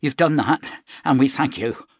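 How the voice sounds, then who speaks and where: A man's voice: fairly high pitch, brisk, fairly bright tone, breathy edge, no room sound, studio quality, voice pushed up. A man voicing a hard, distrustful older farm woman who speaks curtly and guardedly. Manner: curt, guarded.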